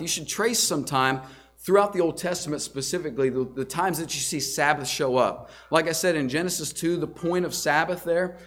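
A man's voice: fairly high pitch, fairly bright tone. Earnest male pastor preaching a sermon. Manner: earnest, repeats words and restarts, rhetorical questions. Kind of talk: sermon teaching.

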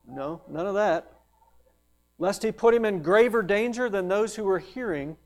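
Slow, emphatic male preacher. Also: fairly high pitch. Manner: emphatic, swings from loud rising peaks to soft hushed questions; slow, drawn-out delivery on lists. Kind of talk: sermon.

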